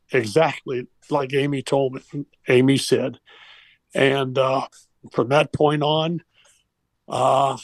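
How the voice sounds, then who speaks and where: A man's voice: mid-range voice, no room sound. Older man telling a heartfelt story. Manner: heartfelt, rambling with restarts. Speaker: guest, former baseball coach. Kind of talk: personal storytelling.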